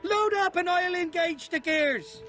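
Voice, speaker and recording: An actor playing a drunken, scheming Irish outlaw in a western game, with an Irish accent and a wheedling, excitable manner. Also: male voice, extremely high pitch, unhurried, heavily acted. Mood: boastful. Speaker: game character. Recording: game audio with music behind.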